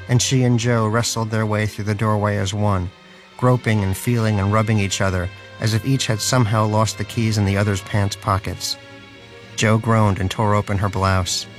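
A man narrating an audiobook in a dry, wry storytelling manner. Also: lowish voice.

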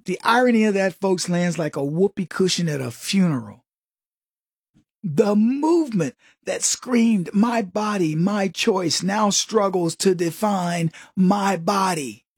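A man's voice: high-pitched, animated, unhurried, husky, dry recording, clean studio sound. A man delivering a sarcastic, folksy political commentary monologue full of joking asides.

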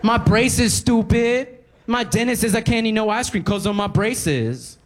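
Casting: bratty high-pitched teen girl with braces, done by a male comedian, slangy and scolding. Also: a little slow. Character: sassy teenage girl cashier with braces.

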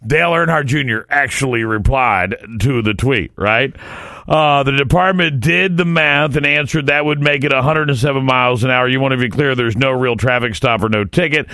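A talk radio host from Southwest Florida, his voice bright and forceful. He jokes with his co-host and chants catchphrases in a dry, close studio sound with ordinary pitch. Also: moderate pace, no room sound. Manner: animated, chants a catchphrase, joking. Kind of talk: casual talk radio banter. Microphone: studio microphone.

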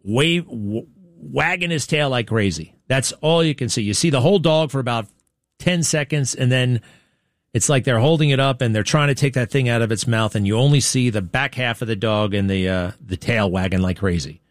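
A man's voice: mid-range voice, normal speed, no room sound, clean studio sound. A man hosting a show, commenting bluntly on played clips and firing off rhetorical questions. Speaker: show host.

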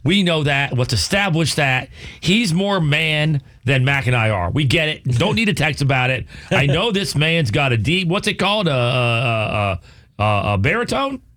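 A man's voice: a little high, big pitch swings, normal speed, a bit bright. A man co-hosting a sports radio show, joking and teasing in a playful way.

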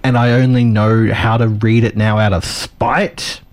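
A man's voice: lowish voice, little pitch movement, measured pace. A man co-hosting a late-night radio show, chatting wryly and drifting into tangents. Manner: wry, chatty, tangent-prone. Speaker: radio co-host. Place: radio studio.

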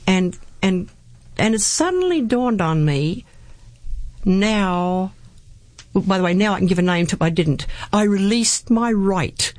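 A woman's voice: mid-range voice, lively intonation, unhurried, no echo. A woman talking earnestly as an interview guest, telling a personal faith story and quoting scripture. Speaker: guest speaker. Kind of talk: personal testimony in conversation.

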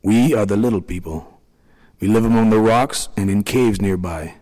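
A man voicing a kindly middle-aged tiny man who leads the little people, speaking in a slow, soothing, gentle way. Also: on the low side, big-room sound, natural voice.

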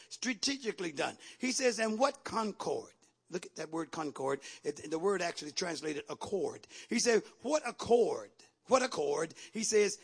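A man with a strikingly high, gravelly voice preaching a sermon. He talks in a call-and-response style that climbs to full shouting, and his tone is bright and husky.

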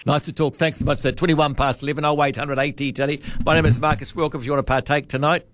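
A man's voice: on the high side, steady tone, fast, slight background noise. A man hosting late-night talkback radio, chatting with an easygoing manner.

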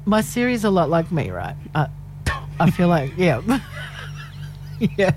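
A woman's voice: lowish voice, big pitch swings, a little slow, over music. A middle-aged woman, co-hosting a radio show in casual, teasing banter, laughing often and cutting in. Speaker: radio co-host.

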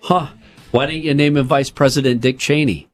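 A chatty male radio co-host in a studio, talking at an everyday pitch with a faint music bed underneath. He reads out short news items and breaks into quick personal asides. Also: steady tone. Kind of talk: casual morning radio chat.

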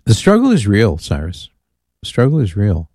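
Male call-in radio host: low, warm, dry studio sound, easygoing and amused. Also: wildly swooping pitch, moderate pace, dry recording. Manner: chatty, amused, reads listener emails aloud.

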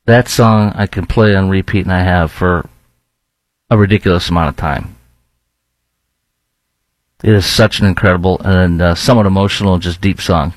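A man's voice: sits low, fairly even intonation, normal speed, long pauses, no room sound, low-quality recording. Brief: Chicago-accented man, host, scornful rant, dry close sound. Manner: blunt, scornful, rambling with fillers. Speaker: commentary host. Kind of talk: ranting opinion commentary.

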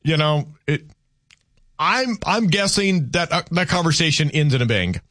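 A man's voice: fairly high pitch, lively intonation, normal speed, fairly bright tone, no room sound. A man hosting a call-in radio show with a slightly raised voice, and he rambles and teases himself. He talks into a studio mic, and the sound is dry and close. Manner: rambling, self-deprecating, playful. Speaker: radio talk show host. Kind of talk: casual call-in radio chat. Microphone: studio microphone.

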